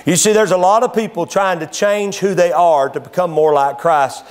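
High-voiced man preaching with fervor. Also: steady tone, normal speed, clean tone. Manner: impassioned preaching that swells loud and high, then drops low and quiet. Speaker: pastor. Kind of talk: sermon. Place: church service.

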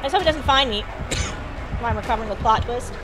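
A woman's voice: on the high side, fairly quick, over music. A woman giving casual, jokey commentary while streaming a video game, talking to the characters on screen. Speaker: gameplay streamer.

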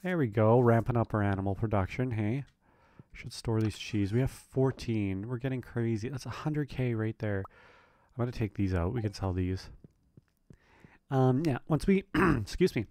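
Speaking at normal speed with medium pitch and a slightly mellow quality, this man is recorded dry. He's a gaming video creator doing laid-back let's play commentary on his farming game run, chatty, meandering, and full of filler words.

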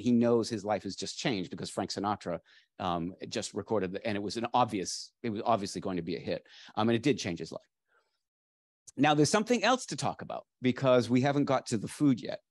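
A man's voice: fairly low pitch, dry recording, clean studio sound. A middle-aged man, a dictionary editor, giving an enthusiastic public lecture to a live audience, often restarting his sentences. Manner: enthusiastic, digressive, with frequent restarts and fillers. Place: library lecture space.

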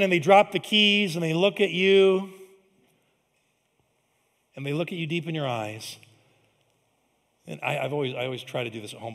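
Fairly high-voiced pastor preaching in a reverberant hall. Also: male voice, vocal fry. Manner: conversational preaching, swings from loud emphatic to hushed. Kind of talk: sermon. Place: large church sanctuary.

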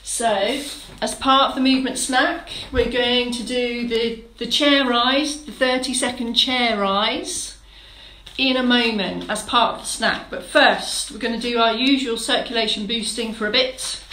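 A woman's voice: on the high side, steady tone, unhurried, sharp tone. Chatty woman instructor in an echoey room. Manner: chatty, greets viewers by name, encouraging instructions. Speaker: fitness instructor for older adults. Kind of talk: live-streamed exercise class.

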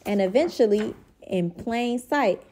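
A woman reading a picture book aloud in a gentle, measured storytelling manner. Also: a little high, lively intonation. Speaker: reader.

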